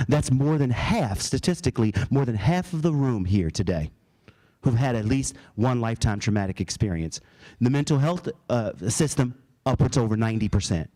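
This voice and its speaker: A man's voice: mid-range voice, mellow. A man giving a conference keynote, telling stories and laughing at his own anecdotes. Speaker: keynote speaker. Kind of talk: storytelling keynote speech. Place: conference hall.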